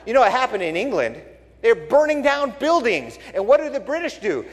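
A man's voice: very high voice, a little fast, a little hiss or hum. A male pastor giving a sermon, telling stories bluntly and with wry asides. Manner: blunt, wry, animated storytelling. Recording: long reverb in a large hall.

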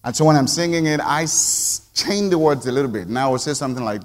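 A man preaching a sermon to his congregation, moving from quiet reflection to emphatic call-and-response. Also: medium pitch, fast, hardly any pauses, in a large hall. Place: church sanctuary.

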